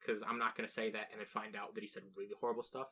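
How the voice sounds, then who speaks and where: A man's voice: on the low side, little pitch movement, very fast, pushed and bright, husky. A young man co-hosting a casual podcast, rambling, restarting sentences and swearing freely. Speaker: podcast co-host. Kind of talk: casual chat.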